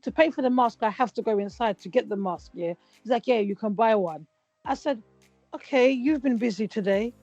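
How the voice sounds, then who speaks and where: A woman, co-hosting a casual chat and telling stories with lively acted-out quotes. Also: a little high, fairly quick, dry recording. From Britain. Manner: animated storytelling, acts out quotes. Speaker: podcast co-host. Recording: dull lo-fi sound with faint music.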